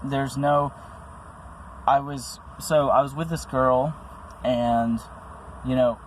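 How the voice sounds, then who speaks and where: A man's voice: mid-range voice, steady tone, slow pace, a little hiss or hum, rough recording. A man speaking about his own experiences in an earnest, rambling monologue, full of restarts and fillers. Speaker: vlogger. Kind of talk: personal monologue to camera.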